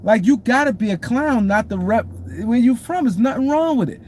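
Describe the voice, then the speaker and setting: A man's voice: very high-pitched, lively intonation, normal speed, darkish tone, slight background noise. A man hosting a casual sports talk stream, repeating points and greeting viewers by name. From New York City. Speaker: show host. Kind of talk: casual sports commentary livestream.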